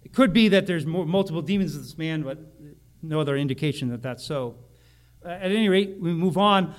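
A man's voice: on the high side, normal speed. A man preaching a sermon as a pastor, reading scripture aloud and explaining it, often restarting his sentences. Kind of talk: expository sermon.

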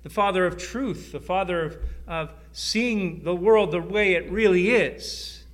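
A middle-aged man preaching a sermon, with emphatic repeats and sudden drops to a hushed voice. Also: high voice, unhurried. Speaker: pastor.

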